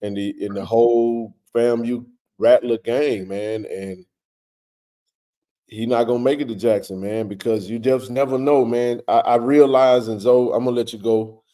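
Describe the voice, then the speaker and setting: A man hosting a casual live stream, greeting viewers by name with a relaxed, filler-heavy way of talking. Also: mid-range voice, moderate pace.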